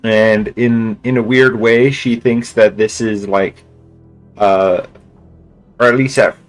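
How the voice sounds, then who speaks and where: A man's voice: on the low side, steady tone, slow pace, faint music behind, low-quality recording. A male streamer casually retelling a story in a rambling way, full of restarts and filler words. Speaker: game streamer.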